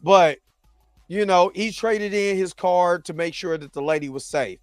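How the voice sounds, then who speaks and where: High-voiced animated man recapping a show. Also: unhurried, no echo, clean studio sound, soft background music. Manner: animated, acts out characters' lines in his own voice. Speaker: show host. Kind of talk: casual TV recap commentary.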